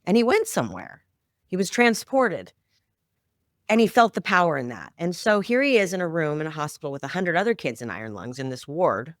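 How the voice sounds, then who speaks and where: Woman with a gravelly, heartfelt storytelling voice. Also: fairly low pitch, sing-song, fairly quick, no echo, studio quality. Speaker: podcast guest, children's media founder. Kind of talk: interview storytelling.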